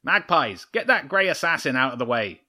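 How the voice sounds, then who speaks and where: A man's voice: on the high side, very animated, normal speed, voice pushed up, heavily acted. A man voicing a menacing fox clan leader. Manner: shouting, threatening.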